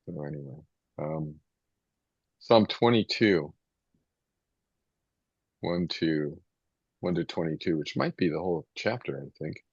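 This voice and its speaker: Low, husky-voiced man teaching Bible study. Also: animated, takes it slowly, long pauses, dry recording. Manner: conversational and rambling, with restarts and reading scripture aloud. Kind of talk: casual Bible study teaching to a small group. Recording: muffled, dull lo-fi sound.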